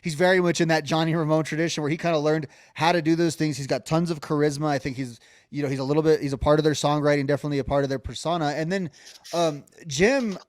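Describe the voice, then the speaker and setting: A man's voice: fairly high pitch, steady tone, quick pace, no echo. A man co-hosting a casual music podcast, talking loosely with many restarts and fillers. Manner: rambling, many restarts and fillers, hums melodies. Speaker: podcast co-host.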